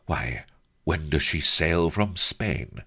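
Storybook seductress, soft husky purr, slow and sly, gravelly low, as a male narrator puts her on. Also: lively intonation, heavily acted. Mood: coy.

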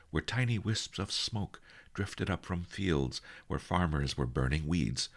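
Very deep, gravelly male storyteller. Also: a bit bright. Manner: measured storytelling delivery. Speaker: audiobook narrator. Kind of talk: scripted narration.

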